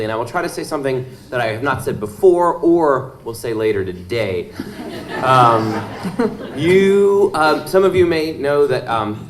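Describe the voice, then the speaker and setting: A man's voice: medium pitch, a little hiss or hum. A man on an author panel telling a funny story about his teaching days, with lots of ums and acted-out quotes. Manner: humorous, many ums, acts out quotes. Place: event hall with audience.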